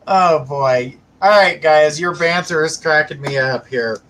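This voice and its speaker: On a low-quality recording with a little background noise, a psychic livestream host with a fairly high, fairly bright voice chats casually. He laughs often and reads aloud the comments his viewers post.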